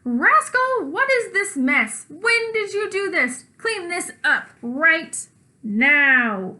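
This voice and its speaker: A woman voicing an exasperated mother in a children's storybook, loud, high and scolding. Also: big pitch swings, takes it slowly, heavily acted.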